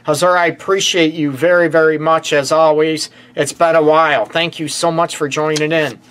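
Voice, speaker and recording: Energetic man counseling a live audience. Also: fairly high pitch, moderate pace, smooth. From United States. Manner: energetic, repetitive, talks straight to viewers with "right?" and "okay?". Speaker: relationship counselor hosting a live show. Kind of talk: casual advice talk to a live-stream audience.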